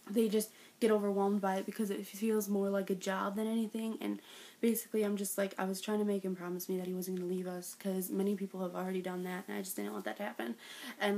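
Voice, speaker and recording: A woman's voice: mid-range voice, a little mellow. Gushing young woman vlogger. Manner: gushing, breathless, lots of "like" and "oh my God"; bursts into giggles when retelling. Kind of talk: excited storytelling vlog.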